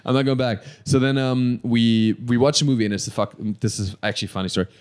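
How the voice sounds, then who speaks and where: A man tells a story at a rapid clip. His delivery is rambling and full of fillers and swearing. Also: medium pitch, fairly even intonation, a little mellow, smooth. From Germany. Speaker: podcast guest. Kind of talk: casual storytelling.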